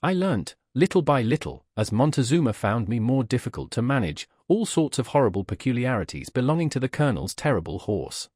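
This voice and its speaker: Husky, lively male audiobook narrator. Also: mid-range voice, fairly quick, few pauses, no echo, studio quality. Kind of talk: scripted narration of a classic tale.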